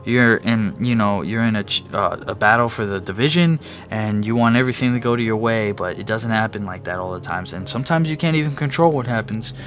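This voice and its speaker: Over faint background music, a young podcast host talks sports by himself in a loose, wandering way, restarting often, using fillers, and occasionally yawning. He speaks a little fast with few pauses, in a lowish, fairly bright voice.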